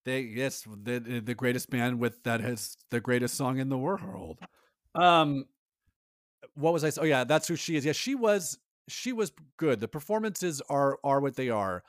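A man co-hosting a podcast in casual chat, animated and rambling, acting out lines from a movie. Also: mid-range voice, measured pace, dry recording, studio quality. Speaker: podcast co-host.

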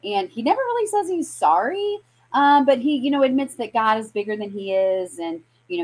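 A woman hosting a scripture show, retelling a Bible story in a chatty, animated way with many fillers and restarts. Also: fairly high pitch, moderate pace, low-quality recording. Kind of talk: casual Bible teaching.

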